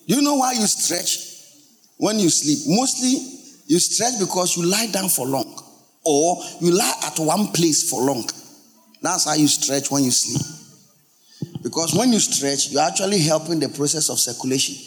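A male pastor, preaching a lively sermon and asking his congregation questions. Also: a little high, moderate pace. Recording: long hall reverb.

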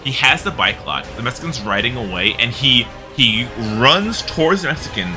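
A man telling a wild neighborhood story on a podcast, talking with a lively voice that rises and falls a lot. He laughs as he goes and acts out the quotes. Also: mid-range voice, moderate pace, music in the background. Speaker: podcast host. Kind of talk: casual storytelling.

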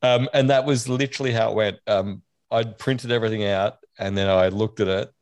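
An Australian man hosting a casual beer podcast. He teases and apologizes in a jokey, easygoing way. His voice sits a little low and sounds dry and close. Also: steady tone, a little fast, dry recording. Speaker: podcast host.

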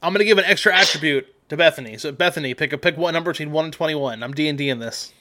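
A man's voice: on the high side, racing, sharp tone. A man hosting a casual podcast, playfully running a party game and laughing often.

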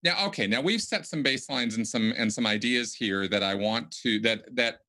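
Bright-sounding podcast host guy, casual chat, keeps restarting, pushy emphasis. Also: mid-range voice, normal speed.

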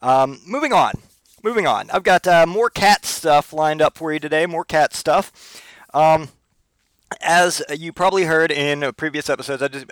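A man's voice: mid-range voice, a bit bright, no echo. A man hosting a casual solo podcast, telling rambling, profane, comic stories. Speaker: podcast host.

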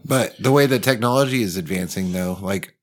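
A man's voice: lowish voice, fairly quick. A man co-hosting a podcast, talking in loose, rambling casual banter and laughing often. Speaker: podcast co-host.

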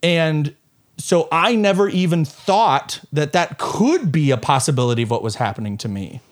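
A young adult man with a slightly raised pitch chats casually with his mother. He tells stories animatedly, full of quick asides. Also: lively intonation. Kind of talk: casual chat.

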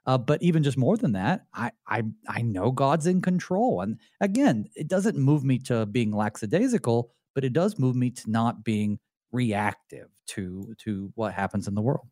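A man's voice: mid-range voice, very animated, moderate pace, mellow, no room sound. Reflective male host, dry sound. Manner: reflective, candid, with fillers. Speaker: pastor and radio host. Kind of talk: conversational theology discussion.

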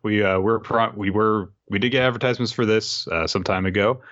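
A man co-hosting a podcast, recapping a comic in an animated, rambling way with frequent laughs. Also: lowish voice, fairly quick, highs cut off. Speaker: podcast co-host.

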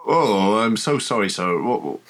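A man's voice: fairly low pitch, lively intonation, moderate pace, fairly bright tone. A man voicing a nervous, fussy male household servant who stammers and apologizes. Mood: flustered.

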